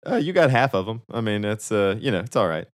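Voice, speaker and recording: A low-voiced man in casual podcast banter, spinning silly stories at a brisk clip. He laughs often and talks in a loose, easygoing way. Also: sing-song. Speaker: podcast co-host. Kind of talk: casual comedic chat.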